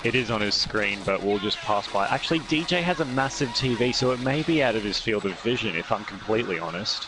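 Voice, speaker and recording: A man's voice: on the low side, animated, quick pace, noisy background. An Australian man co-hosting a game stream, chatting and reading out viewer comments with jokes. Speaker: stream co-host and chat moderator. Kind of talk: casual gaming stream chat.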